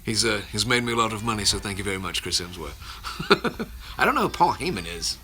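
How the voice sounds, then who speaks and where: A man with a gravelly edge and a very bright, forceful tone chats through a casual livestream from his phone at home. He rambles and cuts himself off as he answers viewer questions, with light chuckles in between. A faint hiss of background noise sits under the voice. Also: fairly low pitch, very animated, a little fast. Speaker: voice actor hosting a livestream Q&A. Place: at home with his children nearby.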